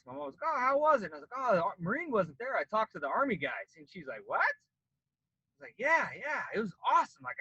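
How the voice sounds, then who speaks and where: A man's voice: high-pitched, breathy edge, no echo, highs cut off. A man in his late thirties from Colorado, a former Marine, casually telling a long story on a podcast and acting out the voices of the people in it. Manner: animated, acts out quoted voices.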